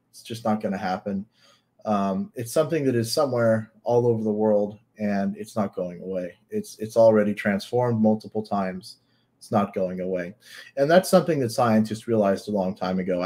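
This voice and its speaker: Blunt, swearing man with a low voice. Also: darkish tone. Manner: blunt and profane, piles up rhetorical questions. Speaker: commentator reacting to a video. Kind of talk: casual reaction commentary.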